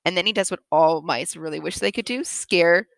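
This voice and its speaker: A woman teacher retelling a picture book to children, animated and expressive, with frequent laughs. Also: lowish voice, fairly quick, gravelly, no echo.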